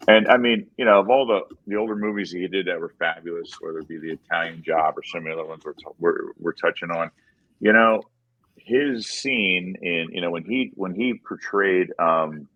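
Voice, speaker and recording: A man's voice: low voice, moderate pace, no echo, muffled recording. A man co-hosting a podcast in casual chat, enthusiastic and often repeating words as he thinks. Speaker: podcast co-host.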